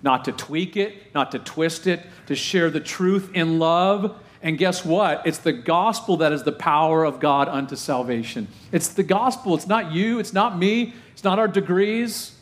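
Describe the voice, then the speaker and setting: A man preaching from the pulpit in a fairly high voice. He asks question after question, repeats lines for emphasis, and drags out key phrases to drive them home. Now and then he drops in a joke at his own expense. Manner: rhetorical questions, emphatic repetition, dramatic pauses; slows down heavily to stress key phrases. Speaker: pastor. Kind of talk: sermon.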